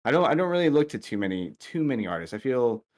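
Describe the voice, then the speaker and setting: A man talking as a guest artist in a casual interview over a call, halting with many fillers and restarts. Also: medium pitch, sing-song. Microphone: remote call audio.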